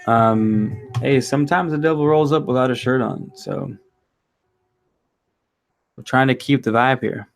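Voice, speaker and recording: A young man speaks at medium pitch in a measured, creaky voice, leaving long pauses. He's hosting a reading at home among candles and a resin burner, rambling casually through the intermission and swearing freely.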